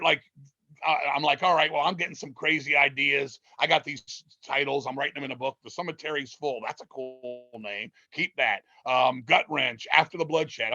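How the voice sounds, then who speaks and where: A man's voice: fairly high pitch, no room sound, lo-fi sound. A man telling rambling, profane stories about starting a metal band in a casual interview. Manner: profane, rambling, animated storytelling.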